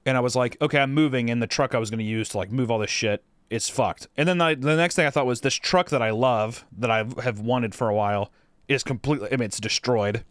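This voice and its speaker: A young man co-hosts a casual podcast and tells a long story, rambling and cursing freely with plenty of fillers. His voice sits at an ordinary middle pitch. The recording is close and dry, with no room sound. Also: fast, no echo. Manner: rambling, heavy swearing, lots of fillers. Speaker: podcast co-host.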